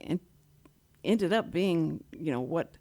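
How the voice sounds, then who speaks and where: Animated middle-aged woman telling stories. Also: low-pitched, takes it slowly. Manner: animated, acts out quotes with laughter. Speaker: sign language interpreter and guest. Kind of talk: casual storytelling chat.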